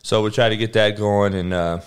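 A man's voice: on the low side, normal speed, clean tone. Casual male sports streamer; clean resonant tone, talks loose and salty. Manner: profane, animated, laughing banter. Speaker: sports show host.

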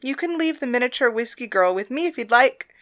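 A woman's voice: a little high, animated, fairly quick, fairly bright tone, voice pushed up. A woman voicing a lazy, teasing young brothel worker in a storybook reading.

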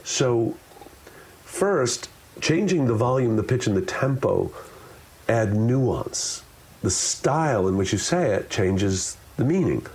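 A man explaining public speaking as an interview guest, talking expressively and demonstrating different ways of saying things. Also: on the low side. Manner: expressive, demonstrates with shifting delivery.

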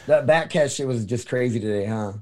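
A man's voice: medium pitch, brisk, a little mellow. A man hosting a casual podcast, rambling and swearing loosely as he tells stories. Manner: rambling, profane, loose storytelling. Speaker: podcast host.

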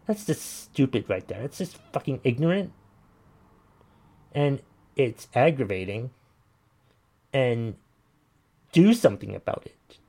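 A man's voice: mid-range voice, very animated, a little slow, creaky, pauses often, warm tone, slightly rough. A man hosting a casual commentary show, ranting bluntly and swearing while he reacts to listener messages. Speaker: podcast host reading listener messages.

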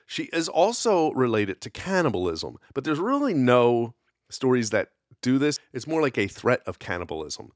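A man's voice: medium pitch, sing-song, normal speed, dry recording, clean studio sound. A man hosting a casual solo podcast, telling folklore in a rambling, conversational way with lots of fillers. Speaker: podcast host.

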